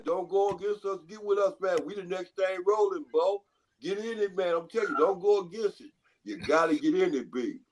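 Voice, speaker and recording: A man calling in to a sports chat, teasing another host with relentless repetitive heckling. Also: fairly high pitch. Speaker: call-in guest. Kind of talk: trash-talking podcast banter.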